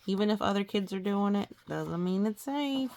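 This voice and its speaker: A woman reading old children's rhymes aloud, stopping to gently explain the lessons and pictures. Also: medium pitch, animated, moderate pace.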